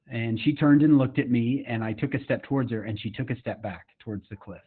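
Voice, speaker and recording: A man's voice: mid-range voice, a little fast, hardly any pauses, husky. A middle-aged man from Utah giving a personal storytelling talk at a summit, earnest and conversational, with fillers and asides to the audience. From Utah, USA. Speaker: summit speaker. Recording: tinny phone-like line.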